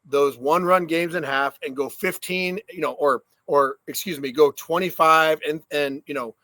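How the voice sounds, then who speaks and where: Male co-host, ex-player, bright forceful tone, dry sound, casual swearing storyteller. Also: on the high side, fairly even intonation, normal speed, no echo. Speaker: podcast co-host, former player. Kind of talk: casual sports chat.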